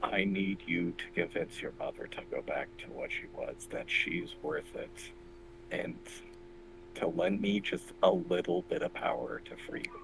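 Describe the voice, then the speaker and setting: A man voicing a grieving, determined hero who speaks in a soft, hushed voice. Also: fairly low pitch, expressive, slow pace, creaky, background noise, full character voice. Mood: earnest.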